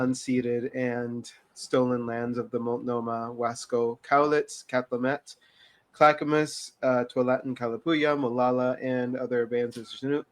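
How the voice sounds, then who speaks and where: A man playing a tabletop game, talking in a playful, deliberate way. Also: medium pitch. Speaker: player. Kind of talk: joking table chat.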